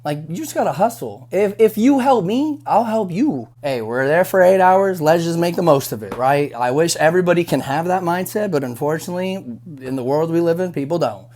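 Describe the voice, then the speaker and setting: A man's voice: fairly high pitch, animated, brisk, few pauses, a little mellow. A young man talks straight to the camera in a loose, conversational way. He repeats himself, restarts sentences and leans on fillers, sounding like a busser venting and giving advice after a shift. His tone is frank and unpolished. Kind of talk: casual advice monologue.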